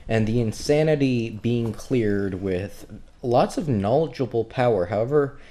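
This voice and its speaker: A man narrating as game master at a tabletop game, describing scenes in a loose, joking manner. His voice sits at a middle pitch for a man. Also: unhurried, mellow.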